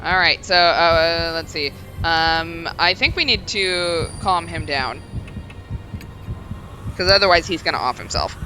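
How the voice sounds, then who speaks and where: A woman's voice: on the low side, measured pace, bright, forceful tone, faint music behind. A woman streamer giving chatty let's-play commentary with self-deprecating asides. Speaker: gaming streamer.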